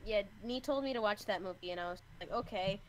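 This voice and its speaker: A woman's voice: mid-range voice, slight background noise, rough recording. Rambling young woman, casual stream chat. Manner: rambling, halting, self-correcting.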